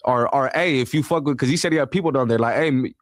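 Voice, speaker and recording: A man's voice: mid-range voice, fast talker, dry recording, studio quality. A man, a guest on a podcast, pressing his point insistently and cutting in again and again to hold the floor. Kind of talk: casual podcast debate.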